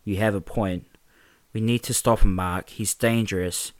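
A man's voice: on the low side, fairly even intonation, moderate pace, no room sound, lightly acted. A man voicing an earnest, worried teenage girl who speaks urgently.

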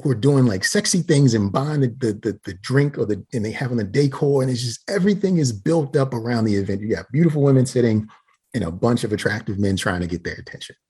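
Very husky, animated opinionated man. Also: mid-range voice, fast. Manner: opinionated, makes blunt arguments and rants. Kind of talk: casual comedic chat.

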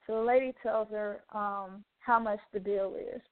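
A woman's voice: mid-range voice, steady tone, a little slow, dry recording. Woman host telling a heartfelt testimony. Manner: heartfelt storytelling, many "you know" asides. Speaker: radio show host. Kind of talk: personal testimony, casual talk. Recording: narrow phone-like sound, dry.

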